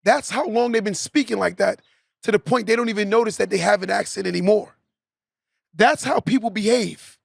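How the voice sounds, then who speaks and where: A man's voice: high voice, brisk, vocal fry, no echo, clean studio sound. A young man hosting a podcast, delivering a preachy motivational monologue and tagging points with "right?". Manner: preachy, repeats "right?" as a tag. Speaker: podcast host.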